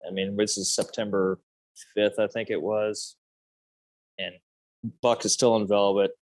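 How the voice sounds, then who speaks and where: Rambling man in his thirties, low voice. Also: little pitch movement, unhurried, dry recording. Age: 30s. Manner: rambling, many fillers and restarts. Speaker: hunter telling a story. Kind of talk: casual storytelling chat.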